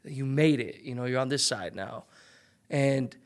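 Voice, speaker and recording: A young man talks loosely and casually as a podcast guest. His voice sits at an ordinary middle pitch. He tells his stories in a rambling way, full of fillers. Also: a little slow. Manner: loose, filler-heavy storytelling. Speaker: podcast guest, former pro golfer. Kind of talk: casual interview chat.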